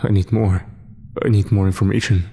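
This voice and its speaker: A man narrating a first-person horror story in a steady, measured voice. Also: on the low side, creaky, a little hiss or hum. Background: faint music.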